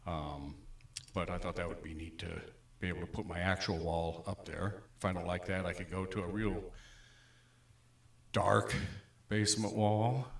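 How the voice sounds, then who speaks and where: Relaxed man livestreaming from a basement. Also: low voice, vocal fry, echoey room. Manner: relaxed, self-deprecating, chatty. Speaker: home livestreamer and guitar singer. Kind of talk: casual livestream chat. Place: basement room with green screen. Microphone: webcam stream mic from across room.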